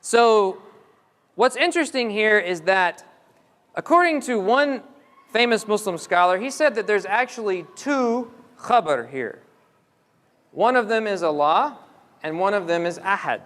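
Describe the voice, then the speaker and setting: This Islamic lecturer speaks in a high, animated, somewhat bright voice without hurrying, guiding listeners step by step through a religious lecture and asking them questions. The mosque hall's long reverb colors the sound.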